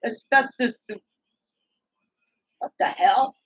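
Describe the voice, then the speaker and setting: A woman's voice: on the high side, slow pace, husky, no room sound, lo-fi sound. A woman talking in a loose, rambling casual monologue as a vlogger, often muttering and trailing off mid-thought.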